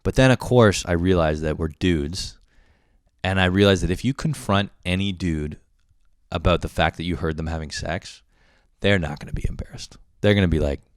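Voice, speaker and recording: A young vlogger in his twenties delivers a casual, comic rant, swearing a lot and laughing often in an animated, profane way. His low voice moves fairly quickly, with a clean tone and clean studio sound free of echo.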